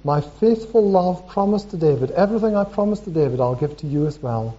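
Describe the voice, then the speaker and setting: Mellow-voiced preacher, dull recording. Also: male voice, fairly high pitch, animated, fairly quick. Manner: reads scripture aloud, asks the room questions. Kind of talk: sermon.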